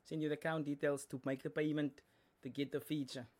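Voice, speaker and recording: A man's voice: a little high, flat delivery, fairly quick, darkish tone. A young South African man hosting a reaction video, chatting casually and explaining lyrics as he goes. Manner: chatty, explaining lyrics, code-switching slang.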